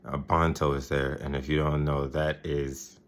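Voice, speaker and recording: A man's voice: very deep voice, level tone, moderate pace. A man casually recapping a TV episode, rambling, laughing often and mimicking the characters. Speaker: video host recapping a TV episode.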